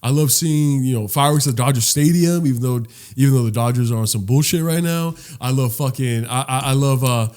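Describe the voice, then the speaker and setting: A man's voice: medium pitch, a little fast, hardly any pauses, a little mellow, smooth. A man co-hosting a casual comedy podcast, rambling through stories, swearing and acting out the voices of people he met. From Los Angeles. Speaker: podcast co-host.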